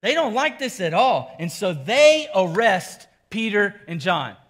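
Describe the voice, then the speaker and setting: A man with a high voice preaching a sermon. He tells the story casually and with animation, piling up short repeated phrases for emphasis. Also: big pitch swings, measured pace, fairly bright tone. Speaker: pastor.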